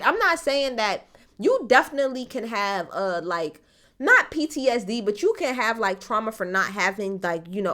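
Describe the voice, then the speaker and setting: A woman's voice: on the high side, fairly bright tone. A young woman giving blunt, exasperated commentary in casual talk, swearing heavily. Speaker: commentator reacting to a court case.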